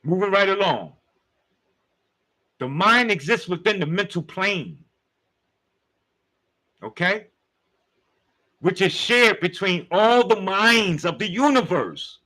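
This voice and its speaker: A man's voice: sits high, animated, slow pace, pauses often, bright, forceful tone, low-quality recording. A man giving a casual spiritual talk, using street slang and speaking straight to his listeners. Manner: street slang, conversational, addresses listeners directly. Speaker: spiritual teacher.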